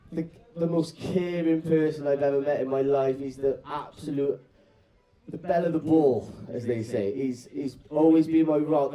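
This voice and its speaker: A man's voice: a little high, warm tone, rough recording. A young man giving a rambling, cheeky best man speech at a wedding party at night, joking and swearing. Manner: rambling, cheeky, swearing, laughing at his own jokes. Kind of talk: casual, jokey wedding toast.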